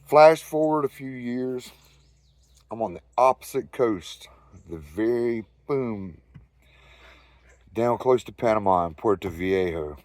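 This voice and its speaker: Southern US man, loose and salty yarn-spinner, low dry voice, no-frills host. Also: darkish tone, no echo. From Southern United States. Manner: loose, profane, rambling anecdotal delivery. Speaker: storyteller host. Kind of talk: casual spoken storytelling.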